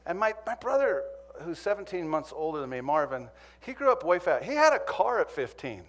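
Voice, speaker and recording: A man's voice: fairly high pitch, big pitch swings, a little fast, a little hiss or hum. A man from Montana preaching a sermon, telling a humorous personal story that turns earnest. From Montana, USA.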